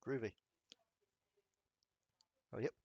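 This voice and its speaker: A man's voice: no room sound, muffled recording. A man running a tabletop game as game master, narrating and rolling dice with a chatty, laughing manner. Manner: chatty, laughs often, quick bursts of rules talk.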